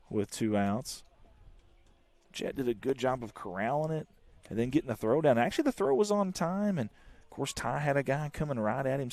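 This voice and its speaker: A man calling a live high school baseball game by himself, in folksy, chatty play-by-play that jumps up on the big plays. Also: no echo. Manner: folksy one-man commentary, excited calls. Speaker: play-by-play announcer.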